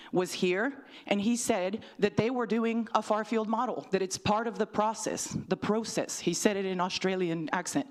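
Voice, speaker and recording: A woman stands at the podium of a city council chamber and delivers a public comment. She is combative and emphatic and scolds the council members directly. Her voice sits at a middle pitch.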